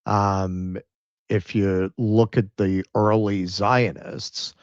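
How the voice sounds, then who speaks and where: A man joining a talk show as a guest, speaking in a measured way and thinking aloud. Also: on the low side, level tone, no echo, highs cut off. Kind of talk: casual talk show discussion.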